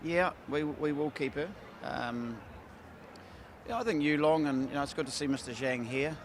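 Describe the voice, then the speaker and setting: Candid New horse trainer. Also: male voice, on the high side, slight background noise. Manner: candid, halting, many fillers and restarts. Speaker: racehorse trainer. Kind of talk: casual post-race interview. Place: outdoors at a racecourse.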